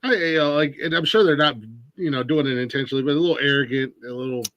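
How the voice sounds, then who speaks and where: A man's voice: a little high, quick pace, a bit bright, lo-fi sound. A man from Ohio hosting a casual podcast interview, rambling with many restarts and fillers. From Ohio, USA. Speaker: podcast host.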